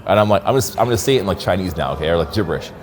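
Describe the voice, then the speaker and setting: A man's voice: low-pitched, lively intonation, rapid-fire. A man coaching in person, talking casually and with swearing, often acting out sample lines of dialogue. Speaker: social skills coach. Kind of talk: live in-person coaching demonstration.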